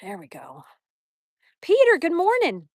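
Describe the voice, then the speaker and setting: A woman's voice: very high-pitched, huge pitch swings, a little slow, no room sound, studio quality. A woman hosting a live stream on a morning walk outdoors, chatting with viewers, reading their comments aloud and baby-talking to her dog. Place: outdoors at a mountain park.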